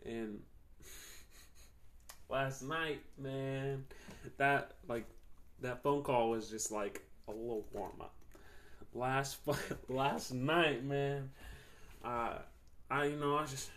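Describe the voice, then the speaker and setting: A man's voice: medium pitch, slow, pauses often, fairly bright tone. A young man hosting a podcast, telling stories in a loose, slangy, profane way and laughing often. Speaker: podcast host. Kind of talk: casual storytelling chat.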